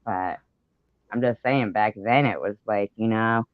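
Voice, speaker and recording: A man's voice: fairly low pitch, a little slow, no echo. Guy rambling thru a story on a stream, swears a bit, muffled lo-fi mic. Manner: rambling, swears, many fillers. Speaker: live stream host. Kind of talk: casual chat, storytelling.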